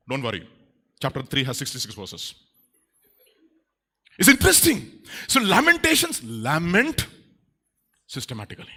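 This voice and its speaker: A man preaching a sermon as pastor, animated and playful, acting out little quoted voices. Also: medium pitch, normal speed, long pauses, slightly rough. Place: church.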